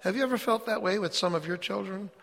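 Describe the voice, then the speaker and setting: Preacher: man with a fairly high voice, earnest and emphatic sermon delivery, long hall reverb. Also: fast talker, vocal fry, a bit bright. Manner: earnest, emphatic, reads scripture aloud.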